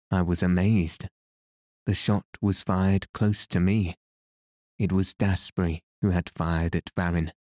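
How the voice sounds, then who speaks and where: A man narrating a classic adventure story in a measured, even way. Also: low-pitched, no room sound, clean studio sound. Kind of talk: audiobook narration.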